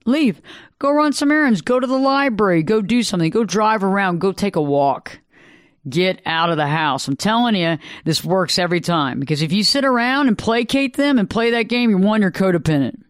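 A high-voiced man hosts a live radio advice program, speaking with a smooth, resonant tone. He lectures emphatically and repeats his points for effect. The sound is dry and close, with almost no room echo. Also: lively intonation, normal speed. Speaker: radio talk show host.

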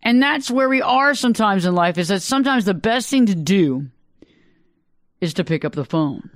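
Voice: medium pitch, lively intonation, moderate pace, no room sound. A radio talk show host speaking earnestly into a studio microphone, telling stories and repeating phrases for emphasis. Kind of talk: solo talk radio monologue.

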